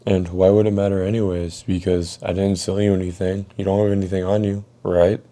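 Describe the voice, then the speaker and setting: A careless teen boy shrugs off the trouble he caused with casual excuses, as a man acts him out. The voice is low and very dark in tone. He sounds completely unbothered. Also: level tone, brisk, lightly acted. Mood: offhand. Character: shifty teenage boy, offhand and unbothered.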